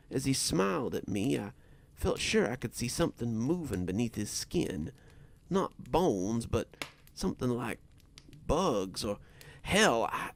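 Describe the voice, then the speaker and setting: Male narrator, scripted horror story, deliberate, gravelly, expressive pitch. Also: slight background noise.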